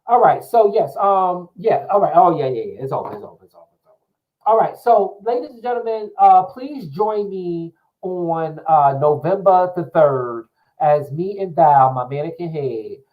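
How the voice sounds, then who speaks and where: A man's voice: on the high side, phone-quality sound. A man vlogging to his camera in a loose, meandering way, with many fillers and restarts. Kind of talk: rambling casual chat to camera.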